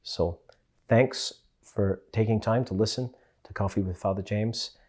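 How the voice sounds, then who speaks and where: A Scottish-accented parish priest talks through a relaxed weekly reflection, chatty and homely. His voice sits a little low. He slips in playful asides as he goes. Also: a little slow. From Scotland. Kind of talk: casual spoken reflection.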